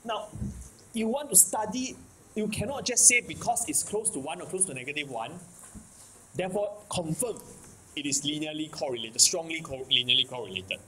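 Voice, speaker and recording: A man's voice: on the high side, normal speed, pushed and bright, slight background noise, low-quality recording. A man with a Singaporean English accent giving a math lecture, repeating key points and checking in with the class often. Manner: repetitive, keeps checking in with "okay? can?". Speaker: math teacher.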